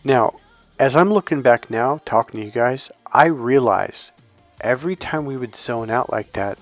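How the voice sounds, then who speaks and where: A man in a casual storytelling monologue, talking slowly and calmly with the occasional blunt curse. His pitch sits in the middle range for a man. Soft music plays faintly behind him. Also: dry recording. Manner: deliberately slowed, calm delivery with blunt profanity. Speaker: dating coach.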